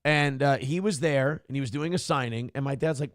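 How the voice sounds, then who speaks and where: A man's voice: mid-range voice, brisk, no echo, clean studio sound. A man in his forties hosting a morning talk show, telling profane, rambling stories in a casual chat style. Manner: profane, animated storytelling.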